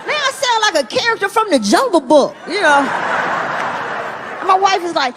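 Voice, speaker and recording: A middle-aged woman performing a stand-up comedy set, animated and jumping into loud put-on voices for punchlines. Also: very high-pitched, normal speed, over a noisy crowd, very noisy. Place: large theater stage. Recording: live theater stage mic with long hall reverb and audience laughter. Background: audience laughter and ambience.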